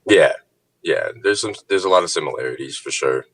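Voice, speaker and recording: A man chatting casually as a podcast guest, relaxed and agreeable, asking questions. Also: sits low, fairly quick, no echo.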